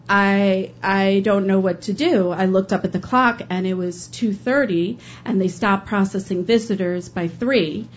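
A woman's voice: mid-range voice, darkish tone, highs cut off. A woman who works as a public defender telling an emotional first-person story to an audience, acting out what others said along the way. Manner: earnest, emotional, quoting others in dialogue.

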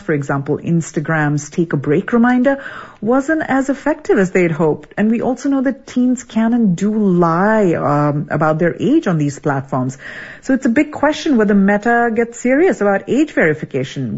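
A woman health correspondent explaining findings in a measured, steady radio news conversation. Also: mid-range voice, husky, muffled recording.

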